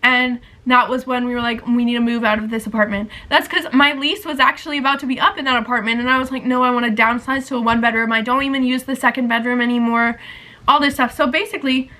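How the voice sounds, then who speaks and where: Young woman, high voice, bright tone, rambling confessional vlog chat, says "like" constantly. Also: steady tone, fast, low-quality recording. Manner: rambling, heavy use of "like", emotional. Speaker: vlogger.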